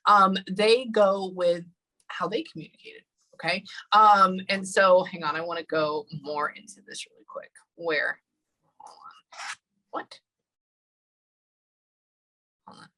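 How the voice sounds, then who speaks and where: Bright-voiced woman giving a psychic reading. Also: lowish voice, steady tone, poor audio. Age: 30s. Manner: halting, thinking aloud, many hold-ons. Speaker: psychic medium. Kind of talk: spirit reading session.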